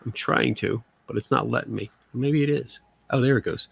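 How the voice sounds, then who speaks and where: A man's voice: medium pitch, normal speed, gravelly, breathy edge. A man hosting a casual livestream chat from home on a computer mic, talking loosely with frequent laughs and repeated words. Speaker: show host. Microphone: computer mic on video call.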